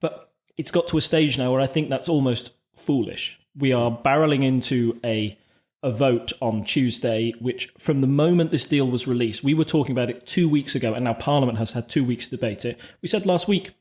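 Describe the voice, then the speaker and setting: A man co-hosting a podcast, explaining political events in a measured, conversational way with frequent restarts. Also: medium pitch, darkish tone. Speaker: podcast co-host. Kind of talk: casual political discussion.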